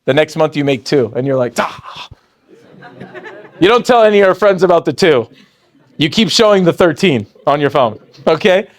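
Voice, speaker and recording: A man in his forties gives an energetic, motivational sales training talk, his pitch leaping up when excited and dropping low to quote others. He speaks at a moderate pace with long pauses.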